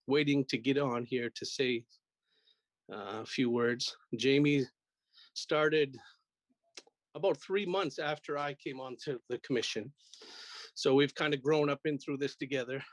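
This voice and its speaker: A man's voice: medium pitch, unhurried, pauses often, no room sound. Plain-spoken man on a dry line. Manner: plain, brief, sincere. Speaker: commission member. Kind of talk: meeting tribute remarks. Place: video call.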